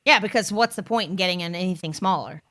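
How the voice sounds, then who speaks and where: A woman co-hosting a podcast in casual chat, playful and quick to laugh, talking from home over a video call. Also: on the low side, fairly bright tone, no room sound, studio quality. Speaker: podcast co-host.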